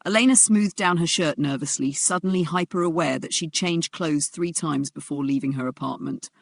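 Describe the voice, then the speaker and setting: A narrator reading a dramatic story in a steady storytelling voice. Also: mid-range voice, moderate pace, gravelly, no room sound, clean studio sound.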